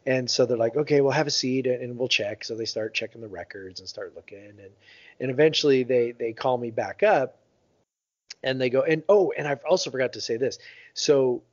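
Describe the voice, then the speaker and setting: A man's voice: mid-range voice, fairly quick, no echo. A man co-hosting a podcast tells a rambling family story full of fillers and acted-out quotes. His voice sits in a middle range and jumps up when he mimics others. The audio is dry and a bit dull, like a home podcast setup. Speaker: podcast co-host. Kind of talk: casual storytelling chat.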